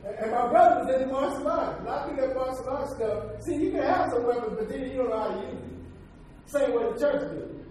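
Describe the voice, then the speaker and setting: A man whose voice is very high and a little mellow tells a personal story as a sermon testimony. He is emphatic and folksy, slipping in preaching asides, and the faintly noisy recording comes from a distance in a very reverberant hall.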